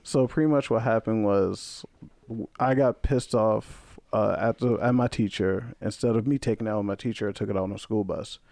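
A man's voice: on the low side, normal speed, creaky, dry recording. A young man, a podcast guest telling a story in casual chat, swearing freely and acting out what people said. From Brooklyn, New York. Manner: animated, profane, acts out quoted voices.

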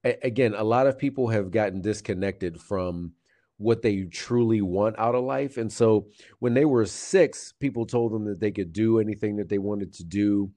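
Mellow-voiced man calmly explaining finances. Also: fairly low pitch. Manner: measured, steady, with fillers and restarts. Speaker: guest financial advisor. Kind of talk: explanatory interview answers.

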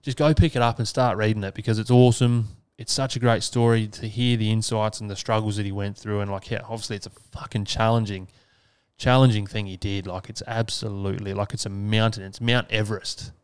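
A man's voice: fairly low pitch, flat delivery, fairly quick, a little mellow, clean tone, dry recording. An Australian man hosting a solo podcast, talking casually and earnestly, swearing freely. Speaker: podcast host.

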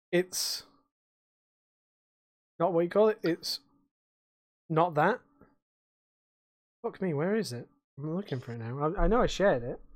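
A man's voice: fairly high pitch, a little mellow, no room sound, clean studio sound. A young man co-hosting a podcast, ranting and swearing in casual chat about life as a bartender. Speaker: podcast co-host.

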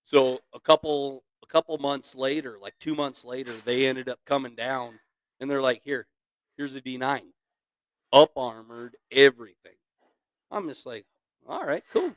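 A man's voice: medium pitch, fairly even intonation, moderate pace, smooth, dry recording. Profane laughing storyteller, a man. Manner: profane, laughing storyteller who acts out quotes. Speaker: podcast guest, equipment operator. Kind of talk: casual chat, storytelling.

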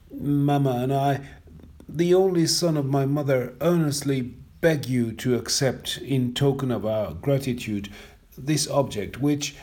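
A man's voice: mid-range voice, mellow, voice pushed up, lightly acted. A man reading a story aloud, voicing an agitated young man who pleads with earnest, repetitive gushing. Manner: agitated, pleading, repeats himself.

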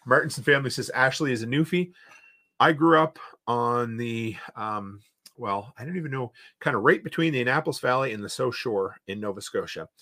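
A man's voice: medium pitch, a little fast, sharp tone. A man with an Eastern Canadian accent, hosting a casual livestream and reading viewer comments aloud with rambling reactions. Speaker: podcast host.

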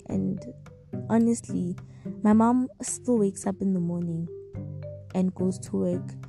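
Young woman, podcaster, heartfelt and reflective, over clear guitar music. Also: mid-range voice, dark tone, rough recording. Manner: heartfelt, reflective, openly emotional. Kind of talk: casual personal podcast monologue.

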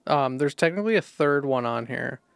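Young male quizmaster, smooth and resonant, close dry mic, dry teasing delivery. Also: medium pitch, fairly quick, dry recording. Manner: teasing, dry, reads questions calmly. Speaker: podcast co-host, quizmaster. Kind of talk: casual podcast banter.

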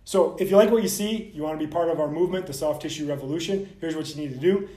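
A man hosting a vlog, ranting bluntly and profanely straight to the camera as a soft tissue clinician. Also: on the high side, quick pace, reverberant.

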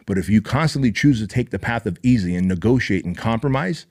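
A man's voice: fairly low pitch, expressive, fast talker, darkish tone. A man hosting a podcast, delivering an intense, profane, emphatic motivational monologue. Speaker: podcast host.

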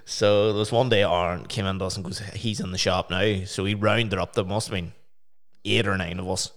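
A man's voice: deep voice, steady tone, brisk. A man with a Northern Irish accent hosting a casual chat, telling sweary anecdotes with laughter.

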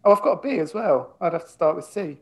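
A man's voice: sits high, expressive, quick pace. A man co-hosting a casual chat, easygoing and asking short questions with lots of tag questions. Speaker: podcast co-host.

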